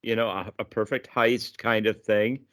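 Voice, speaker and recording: A man co-hosting a podcast, sharing film trivia in a measured way with frequent hesitations. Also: on the low side, steady tone, a bit bright. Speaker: podcast co-host. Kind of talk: casual chat.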